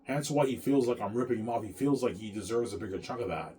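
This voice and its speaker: A man telling a rambling casual story in an animated, repetitive way. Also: medium pitch, fast, distant mic. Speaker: vlogger.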